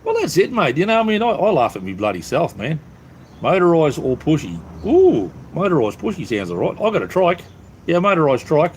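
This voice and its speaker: A man's voice: a little high, wildly swooping pitch, a little fast, a little mellow, slight background noise. A middle-aged Australian man chatting casually on a live stream from his phone, rambling and poking fun at himself. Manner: rambling, self-mocking, easygoing.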